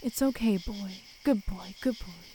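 A woman voicing a gentle young woman who speaks softly to calm a hurt dog. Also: medium pitch, a little slow, slight background noise, close to an everyday voice, rough recording. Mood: soothing. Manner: soft and quiet.

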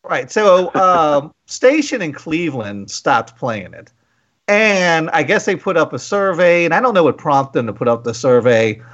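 A man hosting a casual radio talk show who tells stories in an animated way and slips into quoted voices. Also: on the high side, measured pace, dull audio.

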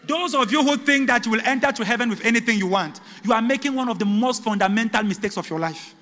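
A male pastor, preaching a sermon that swings between shouted peaks and hushed, low passages. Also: fast, big-room sound.

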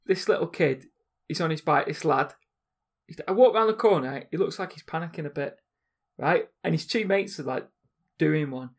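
A man's voice: on the high side, expressive. A man in a casual chat, teasing his co-host and telling stories with frequent laughs. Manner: teasing, storytelling, quick to laugh.

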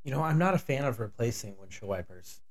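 A man's voice: medium pitch, expressive, quick pace. A man co-hosting a podcast, chatting casually, often stopping and restarting his sentences. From Northern California. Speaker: podcast co-host. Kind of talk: casual chat.

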